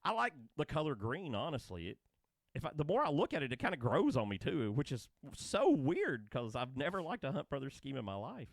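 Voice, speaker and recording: A man's voice: medium pitch, brisk, dry recording. A man co-hosting a casual chat show, rambling and laughing as he tells stories. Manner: rambling, laughing, excitable storytelling. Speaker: podcast co-host.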